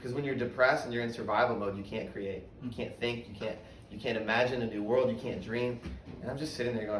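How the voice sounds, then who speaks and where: A young man gives a personal testimony, candid and storytelling, often sinking to a hushed voice for the hard parts. He sounds set back from the mic in a reverberant space. A faint ambience sits underneath. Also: mid-range voice, a little fast, slight background noise. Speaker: speaker giving a testimony. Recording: roomy, from a distance, faint ambience.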